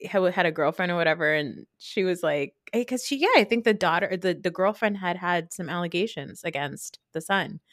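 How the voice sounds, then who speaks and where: A woman hosting a podcast, curious and quick to laugh, asking probing questions. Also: fairly low pitch, a bit bright, no room sound, clean studio sound. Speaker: podcast host. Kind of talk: casual chat.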